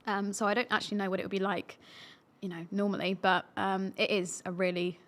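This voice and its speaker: A woman's voice: medium pitch, flat delivery, fairly quick. Chatty, giggly woman. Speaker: guest. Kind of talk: casual live-stream chat.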